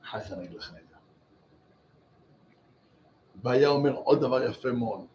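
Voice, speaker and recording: A man's voice: mid-range voice, animated, rapid-fire, darkish tone, highs cut off, slight background noise. A man, a rabbi, giving an emphatic Torah class, quizzing his listeners and mixing in Hebrew phrases. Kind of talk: Torah class to a live group.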